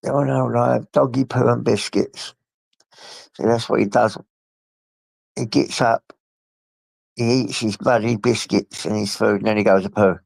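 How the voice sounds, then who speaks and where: A man's voice: medium pitch, steady tone, measured pace, creaky, long pauses, no room sound. A man chatting casually on a live stream from his phone, rambling and talking to his pets, with a blocked nose from a coming flu. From England. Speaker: livestreamer.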